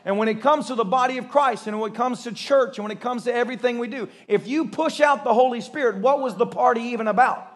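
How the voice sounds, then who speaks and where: A male pastor preaching a sermon, telling stories in an animated way and acting out the voices of the people in them. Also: very high voice, fast talker, hardly any pauses. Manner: animated storytelling with acted-out voices and laughter.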